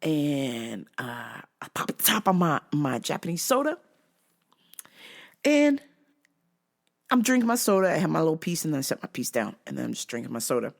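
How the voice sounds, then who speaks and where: A woman's voice: low voice, fast talker, vocal fry, few pauses. A woman hosting her own show, telling a rant story casually, full of swearing and sound effects. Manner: profane, animated, frequent sound effects. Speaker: host.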